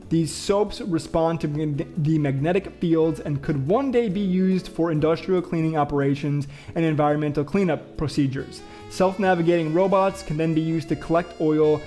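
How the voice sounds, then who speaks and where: A man's voice: fairly high pitch, a little mellow. Chatty young man riffing on news. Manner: joking, chatty, reads headlines aloud then riffs on them. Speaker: show host. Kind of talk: casual vlog commentary.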